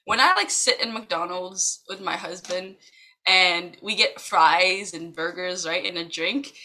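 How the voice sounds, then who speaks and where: A woman's voice: lowish voice, measured pace, sharp tone. A young woman from Macau co-hosting a podcast, telling stories in casual chat with many filler likes and giggles. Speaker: podcast co-host.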